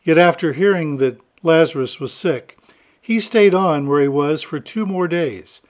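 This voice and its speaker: A priest reads the gospel in a plain, steady way, then slips into an easygoing, conversational homily with a gentle joke or two. His voice sits a little higher than most men's. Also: unhurried. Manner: plain, steady reading turning to a relaxed, chatty preaching with light humor.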